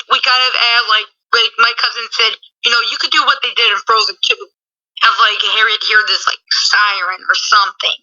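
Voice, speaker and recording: A woman's voice: mid-range voice, fairly quick, sharp tone. A woman guest chatting casually, rambling with lots of filler words and giggles. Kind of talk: casual chat. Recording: muffled lo-fi audio.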